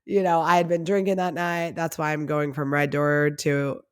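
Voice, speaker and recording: Chatty podcaster woman with a lowish voice. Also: flat delivery, normal speed, smooth. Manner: chatty and confessional, heavy use of "like". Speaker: podcast host. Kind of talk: candid storytelling monologue.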